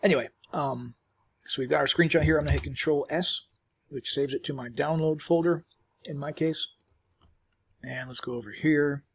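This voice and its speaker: A man presenting a screen-recorded software tutorial in a casual, rambling way, full of ums and restarts, chewing while he talks. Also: fairly high pitch, fairly even intonation, normal speed, vocal fry, pauses often, breathy edge.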